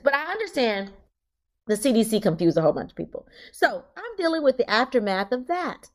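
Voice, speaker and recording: A woman co-hosting a podcast who works in healthcare, explaining things in a plain, emphatic, animated way. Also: on the high side, brisk. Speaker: podcast co-host, healthcare worker. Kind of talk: casual podcast chat.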